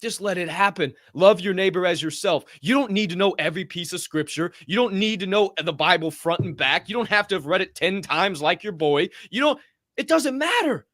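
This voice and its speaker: A man's voice: sits high, animated, a little fast, a bit bright, no room sound, clean studio sound. A man co-hosting a motivational faith podcast, talking in an exuberant, playful, hype manner. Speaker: podcast co-host. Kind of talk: energetic faith-based motivational podcast talk.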